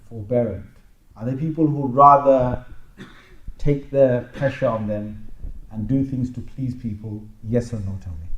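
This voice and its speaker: A man at a medium pitch delivers a religious lecture in a loose, conversational way, pausing to quiz the room with show-of-hands questions. The recording sounds dull and lo-fi. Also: darkish tone. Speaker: Islamic lecturer. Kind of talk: interactive religious lecture to a live audience.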